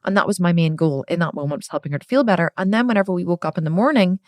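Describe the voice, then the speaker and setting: Middle-aged woman podcast host, lowish voice, earnest and emotional, dry close sound. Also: very fast, a little mellow, dry recording. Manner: emotional, earnest, repeats herself for emphasis. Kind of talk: personal reflective monologue.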